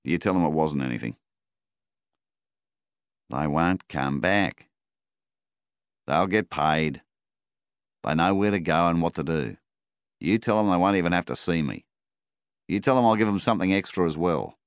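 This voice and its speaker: A man voicing a gruff, gravelly farmer. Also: deep voice, lively intonation, moderate pace, long pauses, no echo, clean studio sound. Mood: insistent. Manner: rough, raised calls to a dog. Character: gruff rural Australian farmer, hungover and brooding.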